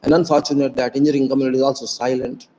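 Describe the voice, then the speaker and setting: A man with an Indian accent speaking to viewers in an earnest, emphatic informal monologue, slowing down to stress key phrases. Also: mid-range voice, little pitch movement, dark tone, in a large hall, low-quality recording. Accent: Indian English.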